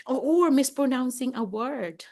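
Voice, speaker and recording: A woman's voice: sits high, measured pace. Chatty Filipino woman in her fifties. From Philippines. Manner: chatty, animated, laughs often. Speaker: host and teacher mentor. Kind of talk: casual video-call talk. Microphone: video call.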